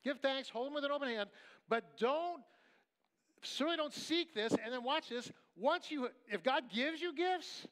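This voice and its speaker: A middle-aged man preaching a sermon at a camp meeting, emphatic and conversational, dropping to quiet storytelling at times. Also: very high-pitched, animated, moderate pace. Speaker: pastor.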